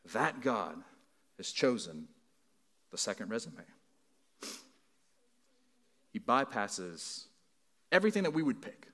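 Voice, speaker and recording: Delivering a sermon as pastor, this man speaks at a medium pitch with a slightly bright quality. His style is sincere and conversational, with repeated phrases building emphasis and frequent asides to the people in the pews.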